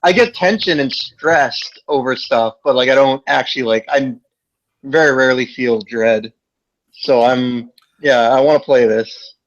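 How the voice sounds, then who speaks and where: A man joining a gaming podcast over a dull, lo-fi microphone. He talks in a laid-back, halting way, circling around his point. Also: medium pitch. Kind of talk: casual gaming podcast chat.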